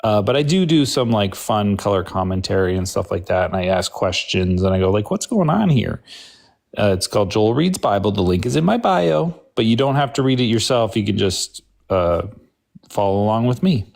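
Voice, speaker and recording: A chatty male podcast co-host in a casual live chat, with a loose delivery full of fillers. His voice is fairly low in pitch. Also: animated, brisk, creaky, darkish tone. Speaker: podcast co-host and Bible reader.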